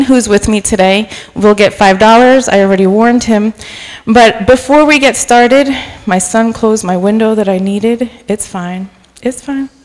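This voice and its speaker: A middle-aged woman gives a sermon in a casual, chatty way. Her voice sits at an ordinary pitch and carries a long reverb, as if heard through a church sanctuary. She jokes at her own expense and then turns warmly earnest. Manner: chatty and self-deprecating, softening to earnest encouragement. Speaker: guest preacher. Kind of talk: informal sermon.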